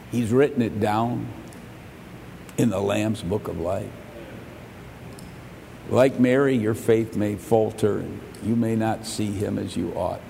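A man's voice: vocal fry, mellow. Man preaching in an echoey church hall. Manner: earnest, rising into half-sung exhortation. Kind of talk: evening church sermon. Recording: echoey hall with faint rumble.

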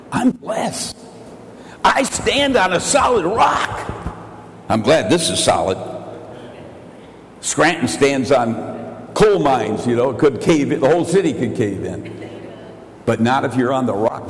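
An older male pastor preaching a sermon, swinging between shouted declarations and quiet, confiding asides. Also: mid-range voice, expressive, a little slow, pauses often. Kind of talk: evangelical sermon. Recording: echoey church hall.

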